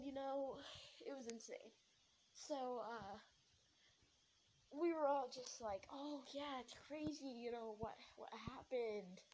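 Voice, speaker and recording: Woman, casual storytime vlogger, rambling delivery with frequent restarts, voice a bit high. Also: a little mellow, slight background noise, poor audio.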